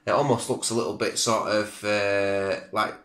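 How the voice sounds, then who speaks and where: In a casual home video review of beer, a middle-aged man talks at normal speed in a lowish, fairly bright voice with little pitch movement. He rambles chattily and pokes fun at himself, and the camera mic picks up roomy echo from the room.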